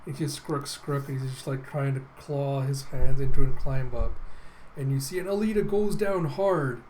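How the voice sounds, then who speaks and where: A man hosting a casual comic readthrough, retelling the action in an animated way and swearing now and then. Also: medium pitch, normal speed, a little hiss or hum, low-quality recording. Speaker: host.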